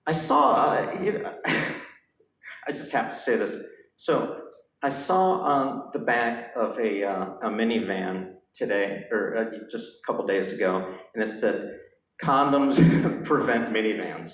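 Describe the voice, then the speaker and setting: A young man doing a rambling stand-up set on a club stage, halting often with fillers and giggles. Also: on the low side, fairly bright tone. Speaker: stand-up comedian. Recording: echoey club room.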